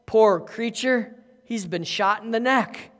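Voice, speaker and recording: A male pastor reading the part of a sharp-minded doctor who solves a murder, measured and pointed. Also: high-pitched. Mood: probing. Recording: echoey hall.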